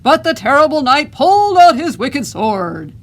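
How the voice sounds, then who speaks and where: A woman voicing a determined boy who reads a dragon story aloud in a booming, dramatic voice, for a storybook read-aloud. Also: very animated, normal speed.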